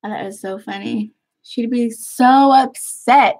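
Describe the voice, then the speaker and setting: A woman's voice: fairly high pitch, takes it slowly, darkish tone, low-quality recording. A Texan woman from Texas, a craft vlogger chatting casually to her viewers in a rambling way and laughing often.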